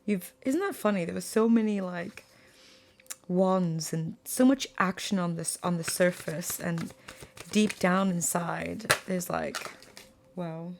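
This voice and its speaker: A woman's voice: fairly low pitch, slow pace, creaky, slight background noise. Earnest, emotional woman reading tarot. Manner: emotional, earnest, searching for words. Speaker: tarot reader. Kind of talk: spoken tarot reading to viewers.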